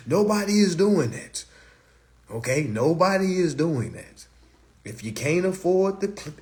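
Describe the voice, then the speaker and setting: Animated, profane man ranting on a live stream. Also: high-pitched, measured pace. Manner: blunt, profane, animated, with rhetorical questions. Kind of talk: casual live stream rant.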